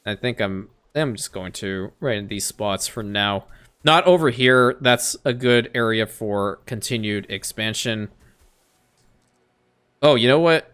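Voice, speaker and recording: A man giving casual let's-play commentary on a strategy game, excitable, talking to the game characters and laughing often. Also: medium pitch, clean tone. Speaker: gaming YouTuber.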